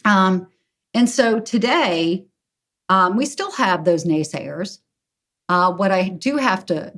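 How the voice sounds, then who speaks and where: A middle-aged woman guest talking in an emphatic, storytelling way in an interview. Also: fairly low pitch. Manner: emphatic, storytelling with acted quotes. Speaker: guest, company CEO. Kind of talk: interview conversation.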